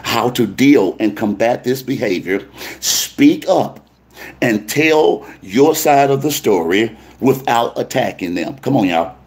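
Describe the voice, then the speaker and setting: Male pastor, lively call-and-response preaching, mid pitch. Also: takes it slowly. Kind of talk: preaching to a congregation.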